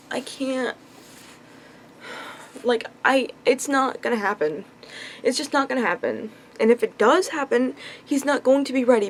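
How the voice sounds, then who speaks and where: A woman's voice: on the high side, darkish tone, a little hiss or hum. A young woman venting about her love life in a confessional vlog, frustrated and upset, sighing often. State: upset, on the verge of tears. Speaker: vlogger.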